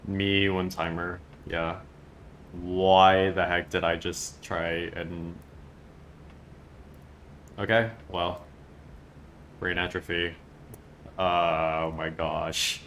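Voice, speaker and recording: A man's voice: sits low, level tone, very slow, pauses often, a bit bright, a little hiss or hum. A man streaming live with a groggy morning voice, flustered and self-mocking as he reads aloud to chat.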